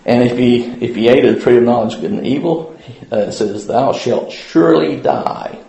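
A man's voice: medium pitch, a little fast, dark tone. A man giving an informal Bible lesson at church in a folksy, rambling way, with many fillers and restarts. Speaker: Bible study teacher. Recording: very echoey room.

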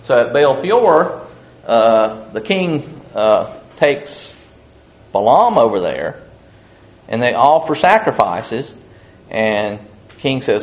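A man leads a relaxed Bible study, retelling scripture in a loose, folksy way. He often stops and restarts, filling the pauses with "uh" and "you know". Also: mid-range voice. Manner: rambling folksy storytelling with many fillers. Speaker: Bible teacher. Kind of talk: casual Bible study teaching.

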